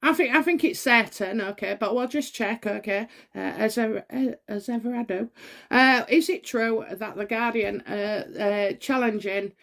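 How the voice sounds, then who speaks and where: A middle-aged woman, hosting her own tarot channel and chatting to camera, excitable and rambling with many fillers and restarts. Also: fairly high pitch, normal speed, vocal fry. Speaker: tarot reader and channel host. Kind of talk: casual chat to camera.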